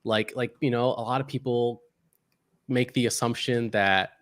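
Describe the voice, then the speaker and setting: Male podcast host, mid-pitch, hesitant reader, dead dry sound. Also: fairly even intonation, normal speed, dry recording. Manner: hesitant, many fillers, reads out article text. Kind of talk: casual science news chat.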